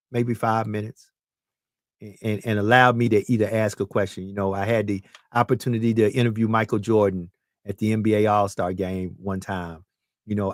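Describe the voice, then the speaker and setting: A man's voice: on the low side, no room sound, studio quality. A man in his fifties hosting a podcast conversation, talking in an emphatic, preachy way and often repeating his words. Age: 50s. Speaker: podcast host. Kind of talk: casual chat.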